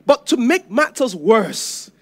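A man preaching a sermon as pastor, emphatic and repetitive, dropping to a hush and then rising loud. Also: very high voice, big pitch swings, slow.

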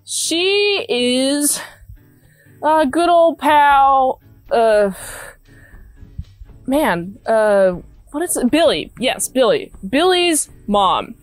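A woman's voice: high voice, very animated, extremely slow, pauses often, no echo, soft background music. A woman reviewing a movie in a casual, rambling way, with sarcastic asides and mocking quotes. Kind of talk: casual spoken movie recap.

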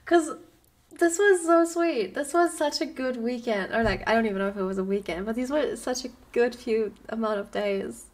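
A woman's voice: on the high side, moderate pace. A young woman streamer reacting to a fan video, emotional and gushing, talking directly to her chat. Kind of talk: casual live-stream reaction.

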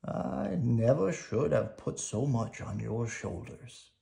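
A man voicing a gentle old grandmother spirit in a storybook read-aloud, speaking softly, slowly and near a whisper. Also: fairly high pitch, wildly swooping pitch, creaky, full character voice. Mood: tender. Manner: soft, slow and hushed.

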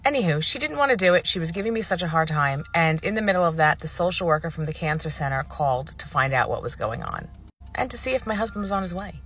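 A woman vlogger telling a personal story to the camera in a casual, animated and indignant way, acting out what people said. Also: fairly low pitch, fast. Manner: animated, indignant retelling with acted-out quotes.

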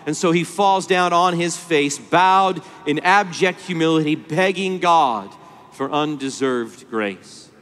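A man preaching a sermon at a conference, impassioned, moving between hushed low passages and rising pleas. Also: slow pace. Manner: impassioned, swings from hushed to pleading. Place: large conference hall. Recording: long hall reverb.

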